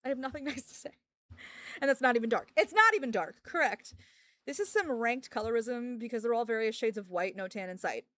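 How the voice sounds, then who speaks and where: A woman with a fairly high voice chats to her stream viewers from home, close to the mic in a dry, dead room. She vents her frustration in loose, casual talk, breaking into laughs and the odd curse. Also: brisk, dry recording. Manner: frustrated, venting, with frequent laughs and swearing.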